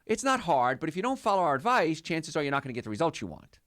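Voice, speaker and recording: A man's voice: a little high, big pitch swings, fast, a bit bright, no room sound, clean studio sound. A man hosting a call-in health radio show, chatty, upbeat and jokey, rambling from one point to the next. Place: radio studio.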